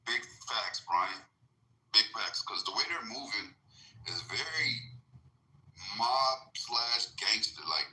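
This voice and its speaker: A man talking animatedly in a loose group chat. His voice is very bright and forward, and it rings a little in a roomy space. He swears freely and pushes his voice up when he acts out what others said. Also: fairly low pitch, lively intonation, unhurried, a little hiss or hum. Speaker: podcast host. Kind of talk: casual chat. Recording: roomy echo.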